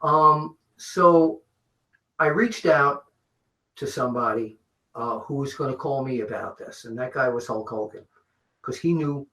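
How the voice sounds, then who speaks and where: An older man, an interview guest, telling wrestling stories in an animated way and swearing freely. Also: medium pitch. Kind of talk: shoot interview storytelling. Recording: roomy echo.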